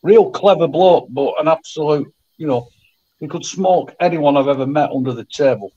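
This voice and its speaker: A man's voice: fairly high pitch, moderate pace, mellow, husky, muffled recording. A man fondly recalling old times in a casual chat. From England.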